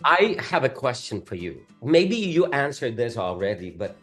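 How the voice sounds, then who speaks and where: A man with a Filipino accent, a stage actor talking earnestly in a casual chat, excitable and stumbling over restarts. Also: mid-range voice, moderate pace, faint music behind. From Philippines. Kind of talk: casual conversation.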